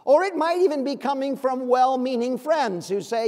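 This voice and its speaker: Male pastor, earnest sermon delivery, high voice, long church echo. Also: animated, moderate pace, darkish tone. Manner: earnest, with pointed rhetorical questions. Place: church sanctuary.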